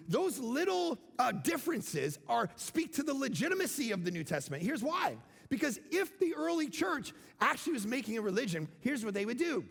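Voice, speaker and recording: A man preaching a sermon as pastor, animated, swinging from loud emphasis down to near-whispers. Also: very high voice, vocal fry, slightly rough, in a large hall.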